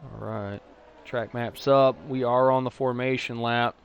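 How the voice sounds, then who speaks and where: A man with a Texan accent calling a sim racing league live, chatty between races and excitable play-by-play once the lights go out. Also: medium pitch, a little slow, gravelly, clean tone, dull audio. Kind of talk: live esports race commentary.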